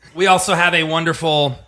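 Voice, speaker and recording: Bright-voiced chatty male guest. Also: on the high side, fairly even intonation, moderate pace. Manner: chatty, laughs often, speeds up when joking. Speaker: guest, middle school history teacher. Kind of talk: casual interview chat. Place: podcast studio with guitars and amps.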